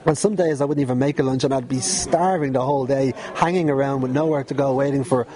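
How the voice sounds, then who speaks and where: A man's voice: medium pitch, fairly even intonation, fast, dark tone. A middle-aged man with a Dublin Irish accent, chatty and rambling as an interview guest, laughing often while telling stories. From Dublin, Ireland. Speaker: guest, former pirate radio DJ. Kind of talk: relaxed storytelling interview.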